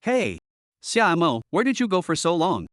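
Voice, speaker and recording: A man reading the lines of a teasing, cheerful male friend in a recap story, in a lively way. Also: high voice, moderate pace, no echo, studio quality.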